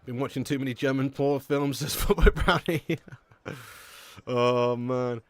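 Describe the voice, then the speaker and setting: A man's voice: mid-range voice, a little slow, dry recording. An English man hosting a live football watch-along, calling the match, reading out chat messages and calling people lad and mate. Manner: lively, chatty, says lad and mate a lot.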